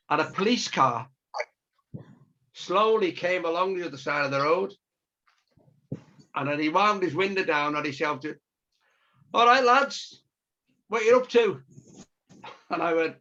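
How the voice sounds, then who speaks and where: A man's voice: high-pitched, pushed and bright. Man telling a rambling anecdote. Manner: chatty anecdotal, acting out quoted voices. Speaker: storyteller and illustrator. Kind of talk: casual storytelling on a video call. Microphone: video call. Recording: dull lo-fi video call audio.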